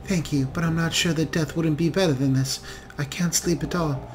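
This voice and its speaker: A frightened young elf woman, haunted and sleepless, her voice pitched high and strained, anxious and accusing by turns, as a man puts her on. She comes from a fantasy role-playing game, read aloud over a faint hiss. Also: fairly even intonation, moderate pace, lightly acted. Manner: anxious, pleading, bursts of accusation.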